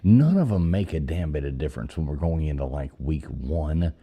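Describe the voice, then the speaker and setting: A man with an extremely low, deep voice runs through football games in casual chat. He is blunt and swears freely, speaking with easy confidence. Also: lively intonation, normal speed, mellow, slightly rough. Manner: profane, blunt, opinionated. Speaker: podcast co-host.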